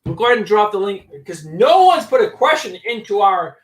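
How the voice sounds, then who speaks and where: A man co-hosting a casual livestream, shouting out to viewers and chatting loosely. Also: high voice, a little fast, far from the mic. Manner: animated, loud shout-outs to chat. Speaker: livestream co-host.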